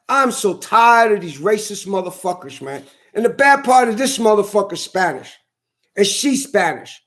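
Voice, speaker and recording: A man with a fairly high voice delivers a heated monologue straight to his camera. He curses constantly and circles back over the same points as he vents. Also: animated, normal speed, a bit bright. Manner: heated, profane, repetitive venting. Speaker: vlogger. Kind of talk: angry ranting monologue.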